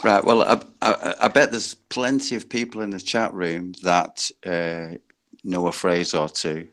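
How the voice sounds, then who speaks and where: Northern english guy teasing on a call, lowish voice, chilling in the bath. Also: steady tone, a little slow, fairly bright tone. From northern England. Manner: teasing, laughs easily. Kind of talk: casual banter on a video call. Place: in a bath at home.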